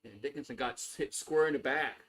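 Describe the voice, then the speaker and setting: A man's voice: medium pitch, a little fast, a bit bright. A man giving casual play-by-play on a live stream, loose and chatty, swearing freely. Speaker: live stream sports host.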